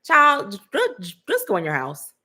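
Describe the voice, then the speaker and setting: A woman's voice: medium pitch, big pitch swings, normal speed, pushed and bright. A woman co-hosting a podcast, talking in a blunt, sassy, slangy way with casual swearing. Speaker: podcast co-host. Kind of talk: casual commentary chat.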